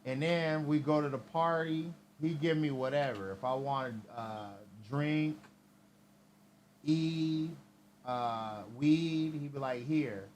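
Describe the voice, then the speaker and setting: A man's voice: a little high, takes it slowly, slight background noise. A man hosting a livestream, telling a rambling, heavily profane story in casual chat. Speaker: livestream host.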